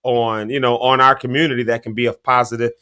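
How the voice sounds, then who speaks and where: A man co-hosting a morning talk show, with a bright, forward voice. He chats loosely and laughs often, teasing the others as he tells a story. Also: medium pitch, little pitch movement, fast talker, clean tone. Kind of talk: casual chat.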